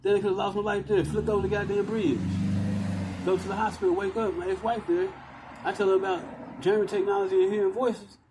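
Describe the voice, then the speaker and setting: A man's voice: sits high, level tone, quick pace, background noise. A man ranting into his phone outdoors, agitated, profane and repetitive. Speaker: vlogger ranting to camera. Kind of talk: rambling outdoor rant. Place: outdoors by walls and concrete.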